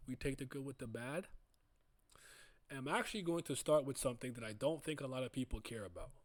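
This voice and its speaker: Male streamer, casual and animated, mid pitch, dry sound. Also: fast, no echo. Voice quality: animated, laughs often, swings loud and soft. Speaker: streamer reviewing manga chapters. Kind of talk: casual livestream chat.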